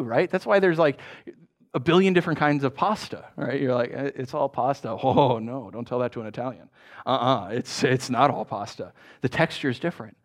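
A man preaching a sermon as pastor, telling jokey stories and asking the congregation questions. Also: fairly high pitch. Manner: animated, joking storyteller who asks the congregation questions. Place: church.

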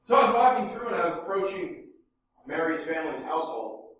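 Animated male storyteller in an echoey room. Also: a little high, a little fast, far from the mic, a little hiss or hum. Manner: animated, swinging from hushed murmurs to loud bursts. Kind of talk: first-person dramatic monologue.

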